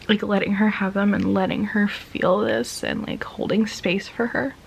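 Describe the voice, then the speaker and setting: A woman's voice: mid-range voice, steady tone, measured pace, gravelly, slight background noise. A woman talking casually about a romance novel she loves, with lots of fillers and whispered asides. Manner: gushing, filler-heavy, drops into whispers. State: tearful. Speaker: book reviewer. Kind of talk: casual book review vlog.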